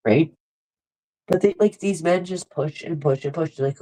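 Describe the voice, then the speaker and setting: A woman's voice: lowish voice, lively intonation, fairly quick, a little mellow, rough recording. A woman in casual chat, blunt and swearing freely as she tells stories and acts out what people said.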